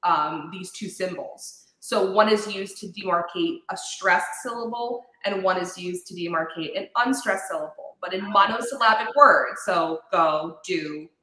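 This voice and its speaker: Bright-voiced woman guest in an echoey room. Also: fairly low pitch, unhurried, few pauses. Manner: explains clearly and at length, with fillers. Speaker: guest, speech-language pathologist. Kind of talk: casual explanatory chat. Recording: roomy echo.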